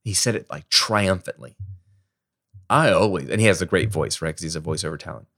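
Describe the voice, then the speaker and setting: Low-voiced man chatting on his podcast. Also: quick pace. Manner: lively, conversational storytelling with everyday examples. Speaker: podcast host. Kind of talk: casual solo podcast teaching.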